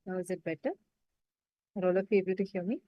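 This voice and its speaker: A woman's voice: lowish voice, fairly even intonation, quick pace, dry recording, lo-fi sound. A woman leading an online spiritual class, giving patient step-by-step instructions and often checking that everyone understands. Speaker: meditation session facilitator.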